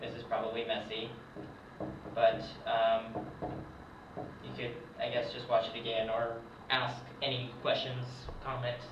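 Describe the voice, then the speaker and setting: A man's voice: mid-range voice, completely flat delivery, unhurried, long pauses, background noise. A young man giving a casual whiteboard lesson as a hobbyist French teacher, hesitant with many ums. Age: young adult. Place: room, writing at a board. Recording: echoey, distant, dull lo-fi camera audio.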